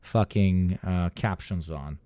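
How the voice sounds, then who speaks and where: Streamer, male, lowish voice, dry close sound, swears a lot and restarts sentences. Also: takes it slowly, mellow, dry recording. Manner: rambling and profane, with stammered restarts. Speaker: live streamer reacting to videos. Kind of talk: casual stream chatter.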